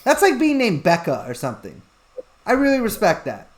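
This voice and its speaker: A man co-hosting a podcast, joking around in a goofy way and playing dumb about sports. His pitch swings widely from line to line, giving the banter a lively feel. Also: a little fast. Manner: playful, goofy, feigns ignorance about sports. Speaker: podcast co-host. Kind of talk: casual joking chat.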